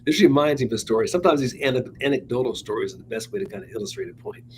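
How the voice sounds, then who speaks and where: A man's voice: medium pitch, expressive, racing, slight background noise, poor audio. A man co-hosting a political talk show, telling anecdotes in a chatty, wry way. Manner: chatty, wry, laughs at his own points. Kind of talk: casual political chat, anecdotal storytelling.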